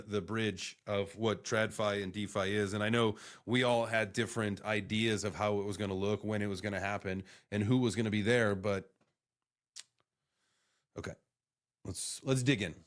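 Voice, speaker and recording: Give me a male streamer reacting to news clips in a rambling, profane, animated way. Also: lowish voice, moderate pace. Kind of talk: casual live reaction stream.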